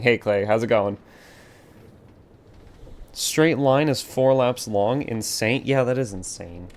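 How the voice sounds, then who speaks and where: A man streaming a game from a warm room at home, muttering to himself as he builds and chatting with viewers. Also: medium pitch, slow, pauses often. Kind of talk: casual live-stream chatter while playing.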